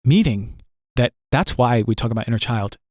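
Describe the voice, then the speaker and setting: Recorded dry in a studio, a New Jersey man with an expressive, darkish mid-range voice talks at a moderate pace as a podcast guest. He teaches in an earnest, conversational way, repeating himself for emphasis and constantly tossing in "right?"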